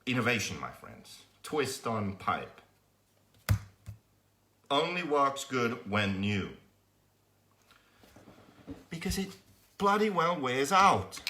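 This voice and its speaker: A young man hosting a live workshop stream, telling a story with lots of swearing and loudly acting out his frustration. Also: mid-range voice, big pitch swings, slow, long pauses, a little hiss or hum. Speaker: host of a live workshop show.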